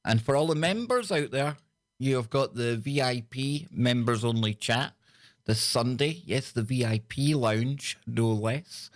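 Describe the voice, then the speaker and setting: A man's voice: mid-range voice, measured pace. A man hosting a live talk show, chatting enthusiastically and often repeating himself. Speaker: talk radio host.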